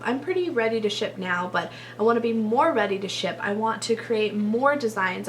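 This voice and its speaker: A woman's voice: mid-range voice, fairly bright tone, slight background noise. A woman YouTuber from Texas talking casually to her viewers in a chatty, gushing way, with frequent laughs and long run-on sentences. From Texas, USA. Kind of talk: casual vlog talk to viewers.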